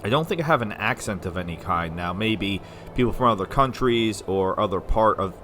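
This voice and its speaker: A man from the United States giving casual, rambling let's-play commentary as a gaming video host, sometimes slurring syllables when excited. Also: fairly low pitch, normal speed, a little hiss or hum. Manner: rambling, chatty, self-deprecating.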